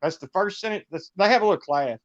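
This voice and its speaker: With a Southern US accent, this middle-aged guest musician rambles through folksy stories on a livestream, laughing as he goes. His high-pitched voice moves fast, and the audio is dull with no echo.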